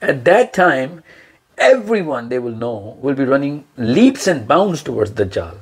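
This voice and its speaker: A man speaks as a guest in an interview, explaining ideas with earnest emphasis. His voice sits at a middle pitch for a man. He often repeats a word or two while he searches for what to say next. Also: very animated, a little slow, breathy edge. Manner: earnest, emphatic, acts out imagined quotes.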